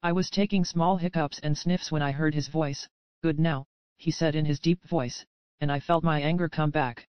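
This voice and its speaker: A woman narrating a dark romance audiobook in the first person with a steady, even reading. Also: low-pitched, normal speed, smooth, dry recording, highs cut off.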